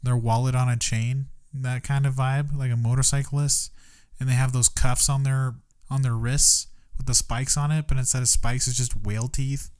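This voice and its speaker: A woman's voice: rumbling low, flat delivery, normal speed, darkish tone. Woman, podcast co-host, casual chat, joking, swears often. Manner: joking, swears freely, jumps into silly voices.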